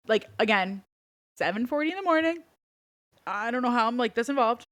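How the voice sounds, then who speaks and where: This young woman has a bright, forceful voice and tells a story animatedly in a casual podcast chat. She acts out the quotes of everyone in the story as she goes. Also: on the high side, normal speed. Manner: animated retelling with acted-out quotes. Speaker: podcast co-host.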